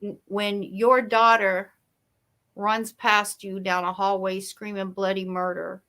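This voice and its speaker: A woman's voice: mid-range voice, level tone, slow, sharp tone. A woman speaking as a guest in a motivational interview, emphatic and storytelling. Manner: emphatic, storytelling, shifts pace for effect.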